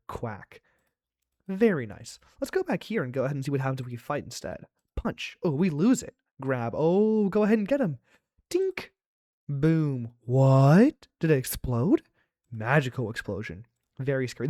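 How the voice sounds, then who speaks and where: A man's voice: medium pitch, darkish tone, no room sound. Man, game host, chatty playful reactions, dry close sound. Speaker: let's play host. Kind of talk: playing a game aloud.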